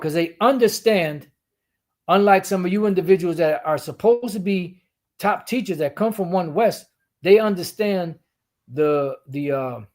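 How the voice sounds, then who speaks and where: Higher-voiced man teaching scripture. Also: darkish tone. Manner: explanatory, repeats and restarts phrases. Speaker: Bible teacher. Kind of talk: screen-share teaching.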